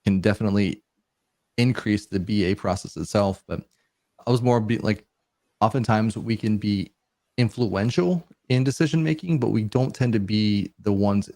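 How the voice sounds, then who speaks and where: A man with a lowish voice co-hosting a casual podcast and dropping dry jokes. The sound is dry and close, with no room echo. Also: normal speed, mellow.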